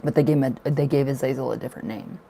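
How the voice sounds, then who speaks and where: A man's voice: medium pitch, fairly even intonation, rapid-fire, gravelly, dark tone, a little hiss or hum, rough recording. A man hosting a casual tarot livestream, chatty and laughing often as he talks to viewers.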